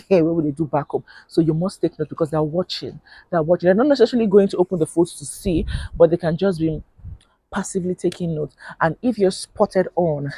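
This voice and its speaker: A woman's voice: fairly low pitch, dark tone, slightly rough, rough recording. A woman with a Nigerian accent giving casual advice in a chatty vlog, laughing often and repeating points for emphasis. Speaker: vlogger.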